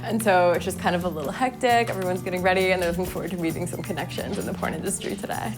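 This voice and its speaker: An American woman reporter interviewing and narrating a documentary, asking questions in a gentle, reassuring way. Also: lowish voice, very fast, music in the background.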